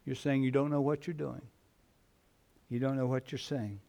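A man preaching a sermon in church, slow and emphatic, repeating his phrases for weight. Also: medium pitch, flat delivery, vocal fry, dark tone. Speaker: pastor.

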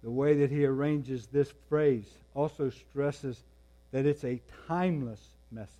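A man preaching a sermon, moving between quiet, intense passages and raised, emphatic ones. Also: mid-range voice, unhurried. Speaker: pastor.

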